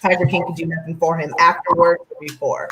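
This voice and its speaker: An American woman chatting casually as co-host, her voice sitting a little low as she rambles with plenty of ums and side remarks. A faint hiss runs under the recording. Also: little pitch movement, fast talker. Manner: chatty, many ums,喜 tangents. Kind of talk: casual chat.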